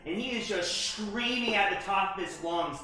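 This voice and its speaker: Game master, man, bright voice, stop-start narration, echoey room with music under it. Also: high-pitched. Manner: halting, full of fillers and restarts. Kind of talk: narrating a tabletop horror game.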